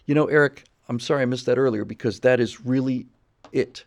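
Middle-aged male streamer, casual and rambling, gravelly tone. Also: medium pitch, a little fast. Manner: rambling, repeats words while thinking. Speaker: livestream host. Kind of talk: casual livestream chat.

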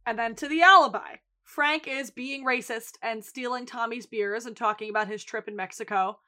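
A podcast co-host with a somewhat high voice and moderate pace casually recaps a TV episode. She animatedly acts out the characters' lines, swearing plenty as she quotes them.

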